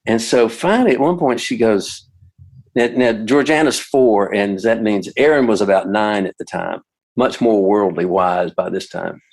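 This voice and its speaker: Older man, low-voiced rambling storyteller. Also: normal speed, low-quality recording. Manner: rambling, with many restarts and asides. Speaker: musician and storyteller guest. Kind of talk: casual anecdote telling.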